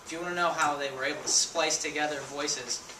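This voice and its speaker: A man's voice: fairly high pitch, fairly even intonation, fairly quick. A young man giving a persuasive contest speech, engaging the audience with questions. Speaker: student speaker. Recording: echoey room, voice from a distance, faint noise.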